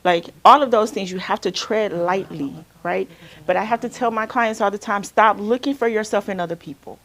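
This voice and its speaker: A woman's voice: medium pitch, a little fast, fairly bright tone. A woman from Alabama, a counselor leading a group workshop in a casual way and checking in with "right?" again and again. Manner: conversational, keeps asking "right?". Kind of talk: workshop talk with group sharing.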